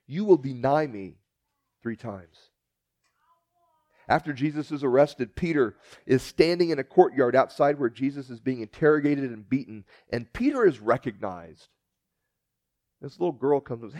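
A man preaching a sermon, retelling scripture as a story and acting out the dialogue with big swings in pitch and loudness. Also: lively intonation, moderate pace, no echo. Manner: storytelling, acts out the dialogue with shifting pitch and volume.

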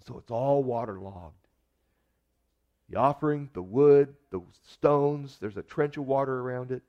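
A man preaching a sermon at an ordinary pitch, talking to the congregation with a wry, joking edge. The recording sounds dull and lo-fi. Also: measured pace. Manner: conversational preaching with wry humor. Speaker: pastor.

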